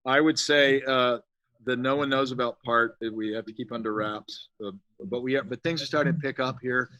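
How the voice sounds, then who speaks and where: A man's voice: medium pitch, steady tone, fairly quick, bright, forceful tone, low-quality recording. A middle-aged man, a special effects artist guesting on a podcast, talking casually in a rambling, jokey way and swearing freely.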